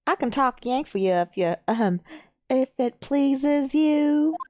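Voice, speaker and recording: A woman's voice: high-pitched, expressive, slow pace, background noise, voice pushed up. A woman voicing a brash young country photographer with a put-on American Southern drawl, folksy and teasing.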